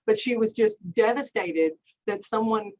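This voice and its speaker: A woman's voice: fairly high pitch, normal speed, a little mellow, slight background noise. A woman, an HR professional talking earnestly and emotionally on a panel, rambling with many fillers. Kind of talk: candid panel talk. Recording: dull lo-fi sound.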